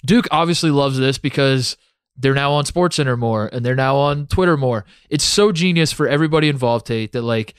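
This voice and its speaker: A man's voice: medium pitch, a little fast, smooth, no room sound, studio quality. A young man co-hosting a sports podcast, talking in a sarcastic, rambling way with lots of fillers. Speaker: podcast co-host. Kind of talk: casual sports chat.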